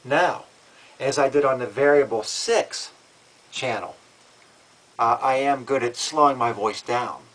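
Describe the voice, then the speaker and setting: Guy ranting into his camera, calm and matter-of-fact but defiant, keeps restarting his words. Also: mid-range voice, measured pace, long pauses, low-quality recording. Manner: frequent restarts and repeated words. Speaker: vlogger. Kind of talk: casual vlog monologue.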